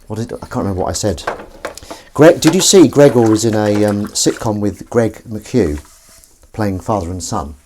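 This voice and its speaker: Host at the sink, lowish voice that bounces around a lot, chatty, dishes clinking faintly behind. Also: male voice, animated, normal speed, a little mellow, a little hiss or hum. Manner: rambling, chatty, reads comments aloud. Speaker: streamer. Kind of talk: casual chat while washing up. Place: kitchen at the sink. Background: clattering dishes and cutlery.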